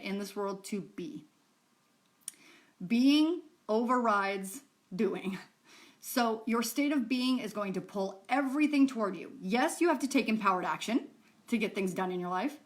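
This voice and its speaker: A woman who is a self-help coach, teaching in a chatty, rambling way to camera, swearing casually now and then. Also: medium pitch.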